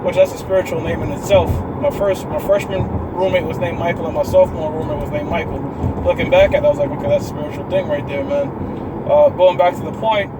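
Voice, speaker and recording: A man's voice: high-pitched, sing-song, quick pace, very noisy. A man casually telling listeners about his religious dreams and visions, rambling and addressing them as brothers, outdoors in a city. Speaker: member sharing religious testimonies. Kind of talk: casual spoken testimony to a live audience.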